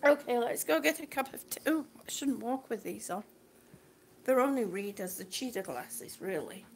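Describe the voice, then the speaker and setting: A woman's voice: on the high side, lively intonation, normal speed, vocal fry, a little hiss or hum. A woman chatting on a live stream, reading out viewer comments in an affectionate, chatty way and calling people sweetie. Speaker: vlogger reading live chat. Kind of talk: casual live-stream chat.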